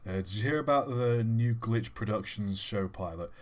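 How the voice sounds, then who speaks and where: A man's voice: fairly low pitch, normal speed. A man hosting a livestream, chatting casually and telling an old joke, rambling and restarting his words. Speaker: livestream host.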